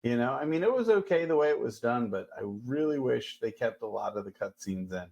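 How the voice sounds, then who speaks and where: A man's voice: mid-range voice, expressive, fairly quick, creaky, darkish tone, lo-fi sound. A man in his forties co-hosting a podcast, laid-back and blunt in casual chat. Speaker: podcast co-host.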